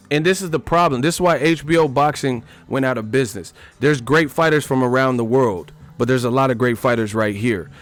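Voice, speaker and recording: Blunt man ranting on a live stream. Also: mid-range voice. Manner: blunt, repetitive, emphatic, profane. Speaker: boxing commentator.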